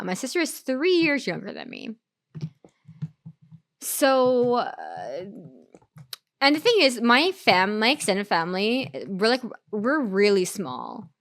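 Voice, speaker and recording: Rambling young woman, lively pitch. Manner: rambling, full of "like" and restarts. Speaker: streamer. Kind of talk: casual storytelling chat during a game stream.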